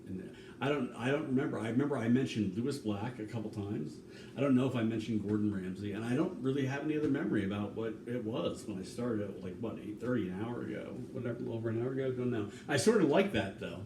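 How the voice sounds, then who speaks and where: A man talking in a rambling, casual way, swearing now and then, with sudden loud bursts and some humming and scatting. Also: mid-range voice, fast, recorded from a distance. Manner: hums and scats tunes between talking. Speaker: vlogger cooking on camera. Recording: echoey room, off-mic, faint hum.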